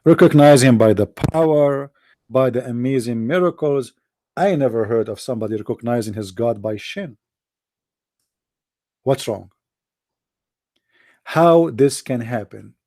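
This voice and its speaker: A man's voice: mid-range voice, measured pace, pauses often, mellow, no room sound. A man on a live stream, talking sarcastically and taunting his opponents as he addresses them directly. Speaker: religious debate streamer. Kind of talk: mocking live-stream polemic.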